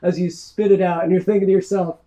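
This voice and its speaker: A man's voice: sits high, little pitch movement, quick pace, a crowd in the background. A young man running a tabletop game as game master, loose and playful, often laughing as he narrates.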